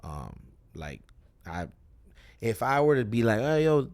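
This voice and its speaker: A man's low, gravelly voice, rambling through casual chat as a guest on a live stream. He swears freely, restarts his sentences, and sounds high and dry-mouthed. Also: big pitch swings, takes it slowly. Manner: rambling, profane, loose and self-interrupting. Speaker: rapper guest.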